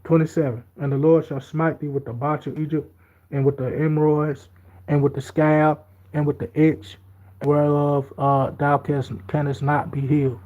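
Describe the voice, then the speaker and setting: A man's voice: on the high side, level tone, normal speed. Man giving an informal Bible talk. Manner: reads scripture aloud and comments in loose everyday speech; repetitive and emphatic. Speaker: Bible teacher. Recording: slightly dull lo-fi audio.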